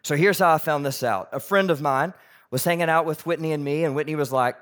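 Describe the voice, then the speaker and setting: A man preaching a sermon as pastor, lively and animated, acting out the voices of people in the story he tells. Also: fairly high pitch, fairly quick, clear, resonant tone.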